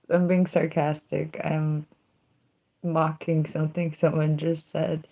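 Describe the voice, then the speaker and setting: A woman's voice: sits low, level tone, takes it slowly, gravelly, phone-quality sound. A young woman hosting a casual livestream, chatting in a drawling, sardonic way that mixes jokes with confessions. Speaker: livestream host.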